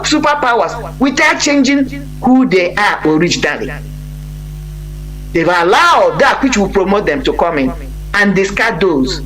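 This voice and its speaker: High, lively-voiced man. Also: rough recording. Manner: earnest, emphatic, with frequent restarts. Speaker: guest on a live broadcast. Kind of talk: impassioned conversational talk.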